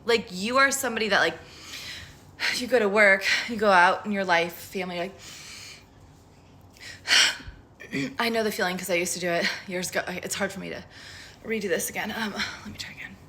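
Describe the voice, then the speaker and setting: A woman's voice: mid-range voice, normal speed, long pauses, sharp tone, a little hiss or hum. A woman talking casually to camera about spirituality, frank and profane, rambling with lots of "like.". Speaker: spiritual tarot vlogger.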